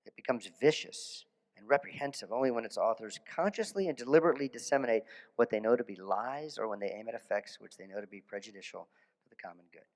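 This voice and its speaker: A man, a dentist, giving a conference lecture in a casual storytelling way, animated, with restarts and asides. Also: fairly low pitch, quick pace, big-room sound. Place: conference hall.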